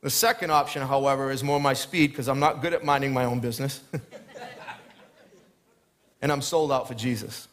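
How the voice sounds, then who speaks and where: A man's voice: medium pitch, a bit bright. A man preaching a sermon in a church, telling his own story in a chatty way and building into emphatic preaching. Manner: storytelling, chatty, quick asides with laughs. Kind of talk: sermon with personal testimony. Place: church stage.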